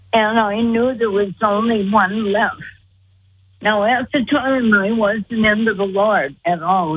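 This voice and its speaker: Slow husky woman on a phone line. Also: mid-range voice. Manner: slow, earnest storytelling. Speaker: guest. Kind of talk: telling a personal story. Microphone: phone call.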